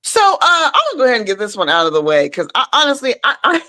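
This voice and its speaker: A woman's voice: mid-range voice, very animated, racing, pushed and bright. A woman hosting a casual chat show, talking in a chatty way and laughing often between thoughts. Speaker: host.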